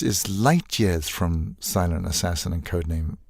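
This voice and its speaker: An older man, a voice actor guest telling animated stories in a casual interview and acting out quoted lines. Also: sits low, moderate pace, gravelly, breathy edge. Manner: animated storyteller, acts out quoted lines, laughs often.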